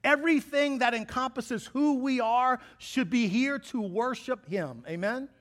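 A pastor preaching a sermon to his congregation, lively and joking, acting out what people say. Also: very high voice, measured pace. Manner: lively, joking preacher who acts out quotes.

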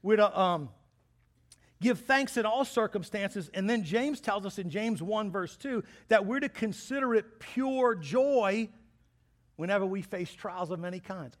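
Brief: man, high voice, pastor giving a sermon, animated and playful, acts out quotes. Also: measured pace. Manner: lively, joking preacher who acts out quotes.

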